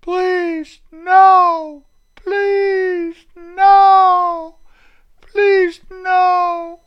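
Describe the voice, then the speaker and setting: A man voicing a terrified patient who begs in a shrill falsetto. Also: fairly even intonation, slow pace, muffled recording. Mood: pleading.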